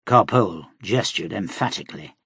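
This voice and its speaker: A man reading an audiobook aloud in a steady, dramatic manner as its narrator. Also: low-pitched, moderate pace, creaky, husky, no echo, studio quality. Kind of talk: scripted narration.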